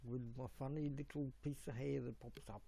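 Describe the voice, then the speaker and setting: A man's voice: medium pitch, fairly even intonation, normal speed, vocal fry, dark tone, slight background noise. A middle-aged man, rambling on a live stream while he fiddles with his stream settings. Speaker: livestream host.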